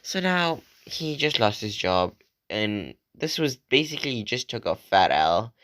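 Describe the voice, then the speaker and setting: A young man retelling a story in a relaxed, casual way, often tagging sentences with "right?". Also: mid-range voice, a little slow, dry recording. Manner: relaxed, frequent "like" and "right?" tags. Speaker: channel host retelling an online post.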